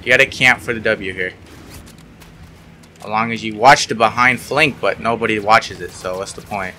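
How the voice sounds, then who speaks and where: Bright-voiced sarcastic young man gaming. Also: on the low side, moderate pace, slight background noise. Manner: sarcastic, swears often, yelps when frustrated. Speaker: gaming YouTuber. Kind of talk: casual gameplay commentary.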